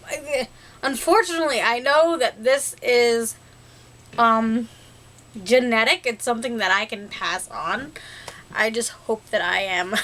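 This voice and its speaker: A woman's voice: on the high side, fairly bright tone. A young woman vlogging to her viewers, chatty and rambling, laughing often. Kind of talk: casual talk to camera.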